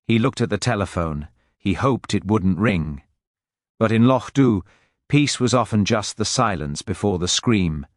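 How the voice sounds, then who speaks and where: A man reading a mystery story aloud in steady, scripted narration. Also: fairly low pitch, a little slow, dry recording, clean studio sound.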